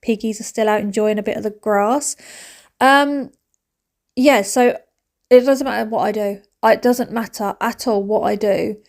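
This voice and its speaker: A woman's voice: medium pitch, steady tone, normal speed, a little mellow. A woman, chatting animatedly in a home cleaning vlog, dropping to whispers and rising to squeals. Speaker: vlogger. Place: family home.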